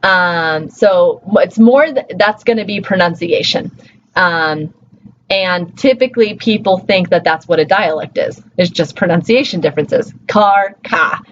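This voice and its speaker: A woman's voice: fairly low pitch, lively intonation, a little slow. Woman lecturer, informal and chatty, slightly dull recording with faint hum. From Colorado, USA. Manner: conversational, many fillers and checks like "right?". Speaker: linguistics teacher.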